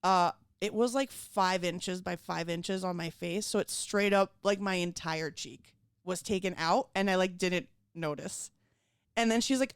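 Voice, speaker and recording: A woman from Venezuela, a podcast guest, telling a funny story in a lively voice, acting out every quote. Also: on the low side, measured pace, clear, resonant tone, no echo, clean studio sound. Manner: animated, acts out quotes with swearing and laughs. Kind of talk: casual comedic storytelling.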